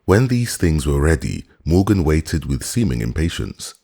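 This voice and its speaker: Very deep, husky audiobook narrator, man. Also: big pitch swings, normal speed, warm tone. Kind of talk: scripted narration of a classic novel.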